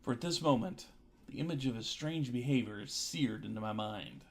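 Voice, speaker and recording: A man's voice: mid-range voice, normal speed, vocal fry. A man streaming, reading a visual novel aloud with dry joking asides, with music behind.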